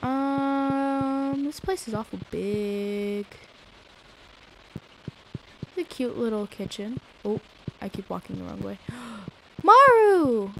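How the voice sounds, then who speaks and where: A woman live-streaming a game, chatting away and giggling at whatever pops up on screen. Her voice sits fairly high and stays chatty and reactive. A faint hiss of noise runs behind her. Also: fairly even intonation, slow pace, vocal fry, pauses often, a little mellow, low-quality recording. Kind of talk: casual gameplay streaming.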